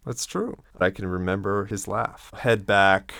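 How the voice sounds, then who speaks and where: A man co-hosting a radio show in a studio, chatting casually and reading listener letters aloud in a relaxed way. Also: fairly low pitch, measured pace, creaky, dry recording. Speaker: radio co-host.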